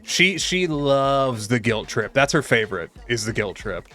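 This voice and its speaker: A man's voice: medium pitch, big pitch swings, unhurried, sharp tone, faint music behind. Swearing middle-aged man ranting on stream. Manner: chatty, talks to viewers. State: undergoing chemo. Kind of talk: casual gaming stream chat.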